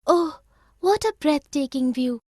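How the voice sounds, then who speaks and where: A woman's voice: high-pitched, unhurried, no room sound, clean studio sound, pitched above the performer's own voice. A woman voicing an eager young girl who exclaims and chats in a lesson dialogue. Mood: excited. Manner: exclaiming, excitable.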